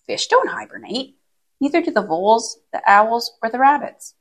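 A weary but patient mother bear from a storybook, as a woman reads her aloud. She explains things in a firm, steady tone, her voice rising and falling as she reasons with her cub. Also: fairly high pitch, normal speed.

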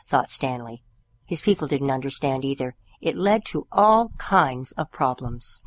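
A woman hosting a community radio show, reading a children's story aloud in a gentle, expressive way. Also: very deep voice, normal speed, no echo. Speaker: radio host reading stories.

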